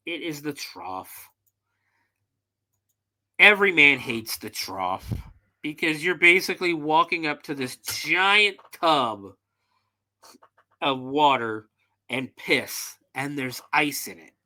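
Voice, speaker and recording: Male podcast host, casual and profane recapper, fairly high voice. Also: bright, forceful tone. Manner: profane, loose storytelling with fillers.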